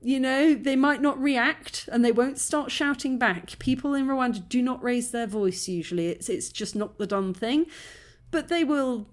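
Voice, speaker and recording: A woman's voice: high voice, normal speed. A British woman hosting a reaction video, chatting casually and digressively, often laughing. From Britain. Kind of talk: casual commentary.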